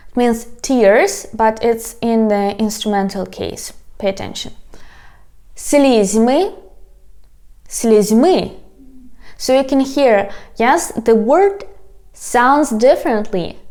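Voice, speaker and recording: A woman's voice: fairly high pitch, darkish tone. A woman with a Ukrainian accent, a native Ukrainian speaker teaching an online language lesson, patiently repeating words and talking directly to her viewers. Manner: patient, addresses viewers as "guys", repeats words slowly for practice.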